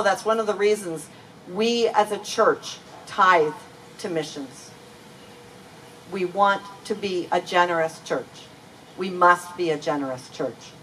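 Slow, earnest woman preaching a sermon. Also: lowish voice, fairly bright tone. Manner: earnest, emphatic preaching with slow deliberate stresses. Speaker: pastor. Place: church. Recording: voice from a distance with faint ambient noise.

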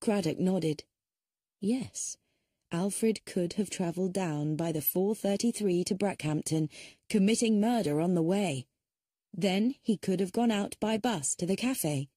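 A woman narrating a mystery audiobook in a steady storytelling manner. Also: on the low side, unhurried, dry recording, clean studio sound. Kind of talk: scripted narration.

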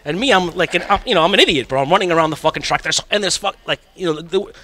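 A young man telling a rowdy story in casual talk, fast and profane, calling everyone bro. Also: high voice, pushed and bright. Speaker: guest. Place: hotel event venue.

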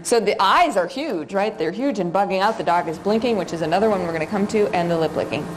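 A woman's voice: medium pitch, fast talker, background noise. A woman teaching a live seminar, talking conversationally to the audience with frequent fillers and questions. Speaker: seminar instructor on dog behavior.

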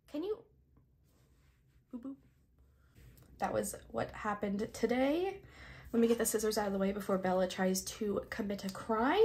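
A young woman with a nasal voice, chatting casually and gushing while she unboxes her mail, cursing freely and sounding short on sleep. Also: medium pitch. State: sleep-deprived. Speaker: vlogger.

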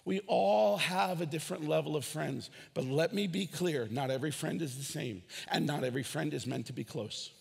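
Male pastor, high husky voice, swooping sermon delivery, long reverb of a church hall. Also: normal speed, hardly any pauses. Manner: animated preaching with shouted peaks and acted dialogue.

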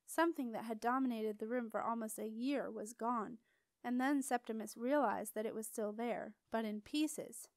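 Expressive woman audiobook reader, higher voice, very dry close sound. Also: normal speed, no room sound. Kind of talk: storybook narration.

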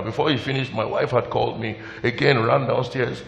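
A man's voice: mid-range voice, steady tone, brisk, creaky. A male pastor, preaching a sermon in an emotional, exclamatory way. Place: church hall. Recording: long hall reverb, faint music.

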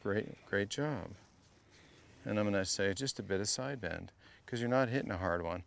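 A man runs a hands-on golf lesson with a gravelly, low-set voice. He teases his student and keeps drilling the same short cues, half joking and half demanding. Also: moderate pace, slight background noise. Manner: playful, teasing coach who drills short cues. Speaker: golf coach. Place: golf academy practice area.

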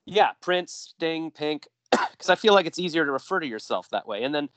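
A man's voice: a little high, lively intonation, normal speed, a bit bright, dry recording. A man hosting a podcast in casual chat, rambling and jokey, often trailing off mid-thought. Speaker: podcast host.

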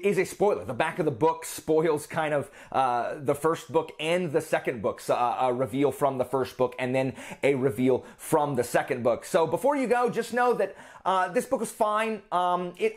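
Animated man rambling through a book review. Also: fairly high pitch. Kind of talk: casual book review vlog.

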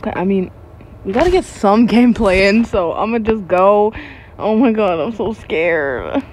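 A woman's voice: medium pitch, normal speed, a little mellow, a little hiss or hum. A woman YouTuber giving casual gameplay commentary, jumpy and giggly with frequent startled exclamations.

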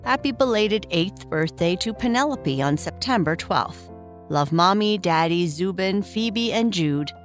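A woman hosting a bedtime story show, reading listener shout-outs and narrating a children's story in a slow, soothing way. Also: lowish voice, animated, faint music behind. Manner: slow, soft and soothing, reading names warmly. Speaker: storyteller host.

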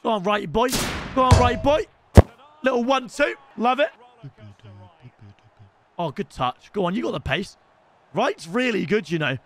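High-pitched British streamer shouting at his game. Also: moderate pace, pauses often, a little hiss or hum. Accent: British English. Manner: excitable, swears, shouts at the game, addresses viewers as lads. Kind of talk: live gaming commentary.

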